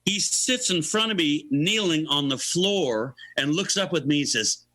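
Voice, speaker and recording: A man's voice: on the high side, lively intonation, unhurried, bright, forceful tone, dry recording, low-quality recording. A middle-aged or older man, a guest musician, telling a long story in an interview, acting out the voices of the people he quotes and laughing often.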